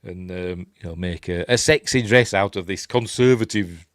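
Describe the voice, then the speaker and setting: A low-pitched man from Yorkshire, England, hosts a casual film breakdown at normal speed, recorded clean in a studio with no echo. As a film review host, he rambles and chats, chuckling as he acts out the characters' quoted lines in raised voices.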